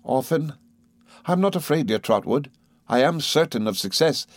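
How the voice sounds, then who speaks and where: A man doing a gentle young woman. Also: fairly high pitch, animated, normal speed, dry recording, voice pushed up.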